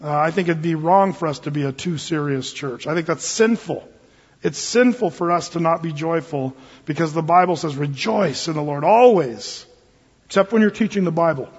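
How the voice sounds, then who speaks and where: In a church sanctuary, a pastor with a high, husky voice delivers his sermon fairly quickly, joking through the teaching in a loose, conversational way. The audio is dull and lo-fi, with a long reverberant hall tail.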